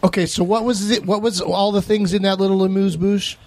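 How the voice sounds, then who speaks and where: A man's voice: high voice, little pitch movement, fairly quick, darkish tone. A man hosting a podcast, bantering and joking with guests over food and drinks. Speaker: podcast host. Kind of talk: casual chat.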